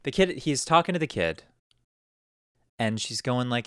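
A man's voice: medium pitch, animated, measured pace, fairly bright tone, clean tone, no echo, clean studio sound. A young man hosting a podcast, rambling through a story and acting out quotes in a raised voice. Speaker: podcast host. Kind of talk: casual storytelling.

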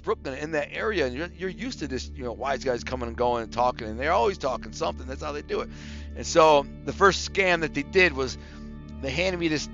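A man's voice: medium pitch, muffled recording. Streetwise man telling stories. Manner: streetwise, animated, quotes others in acted voices. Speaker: storyteller recalling his past. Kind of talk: casual storytelling monologue.

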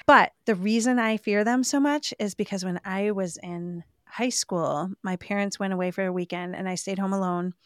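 A woman on a podcast, telling a story in a casual, animated way and laughing often. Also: mid-range voice, normal speed, few pauses, no echo, clean studio sound. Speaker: podcast co-host.

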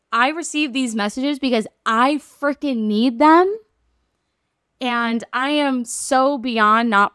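Young woman podcast host, casual and earnest, rambly with lots of fillers, smooth clear voice, dry close sound. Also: on the high side, fairly bright tone, no echo. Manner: earnest, rambling, with many "like" fillers and self-corrections. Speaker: podcast host, psychic medium and entrepreneur. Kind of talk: casual spiritual podcast monologue.

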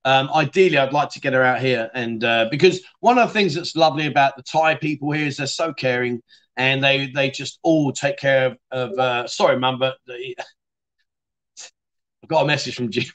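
A man's voice: medium pitch, moderate pace, a bit bright. A man hosting a casual livestream, chatting, teasing viewers and laughing as he reads comments. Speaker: livestream host. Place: bar city in Thailand.

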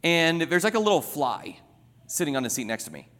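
A male preacher delivers his sermon with emphatic repetition, his voice sitting slightly high for a man. A long reverb trails each phrase, as in a large hall. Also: sing-song, a little fast, a bit bright. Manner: emphatic, repetitive, tells illustrations.

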